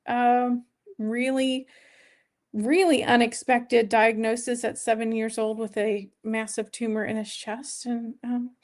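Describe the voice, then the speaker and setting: A woman hosts a casual weight-loss live stream from her home, with a voice pitched a little above the usual. She rambles in a chatty way, greeting viewers by name and thanking them as she goes.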